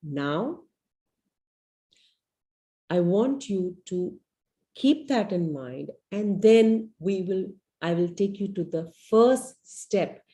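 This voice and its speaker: Mellow-voiced woman coaching parents. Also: fairly low pitch. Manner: earnest and coaching, frequent "you know" and "right?" checks; leads listeners through a guided visualization. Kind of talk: live webinar teaching.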